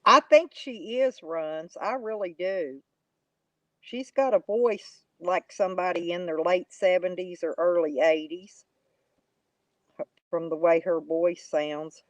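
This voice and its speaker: A woman's voice: on the low side, takes it slowly, dry recording. A woman, chatting casually to live viewers in a rambling, folksy, mocking way. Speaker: YouTube live streamer.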